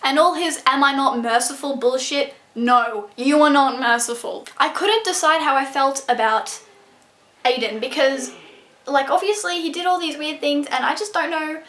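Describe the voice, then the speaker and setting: Excitable young woman gushing about a book. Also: high voice, normal speed. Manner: excitable and gushing, peppered with "like" and swearing. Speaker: book reviewer. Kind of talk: casual book review vlog. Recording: echoey room.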